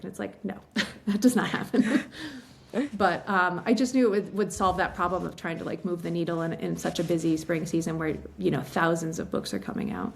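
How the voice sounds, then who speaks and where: Chatty author lady from western mass, lots of likes and laughs, kinda gravelly voice, a bit teary. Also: fairly low pitch, fairly even intonation, a little fast, a little hiss or hum. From western Massachusetts. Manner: chatty, filler-heavy, laughs often. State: emotional, teary. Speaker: novelist guest. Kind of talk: casual storytelling interview.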